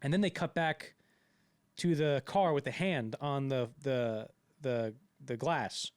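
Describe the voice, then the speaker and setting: A podcast co-host chats casually about a film, rambling with many fillers and restarts and acting out quotes. His mid-range voice is smooth and slow, and there's no echo.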